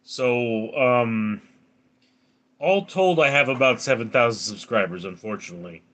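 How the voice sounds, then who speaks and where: A man hosts a casual live stream, reading his viewers' comments aloud and replying to each one. His voice is round and resonant, with a bright, forward edge. His pitch swings freely as he talks. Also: lively intonation, a little slow. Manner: reads viewer comments aloud and answers them.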